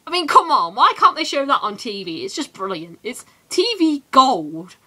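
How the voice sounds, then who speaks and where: A teenage woman from England ranting in a casual vlog, animated and full of quick asides. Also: sits high, breathy edge. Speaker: vlogger.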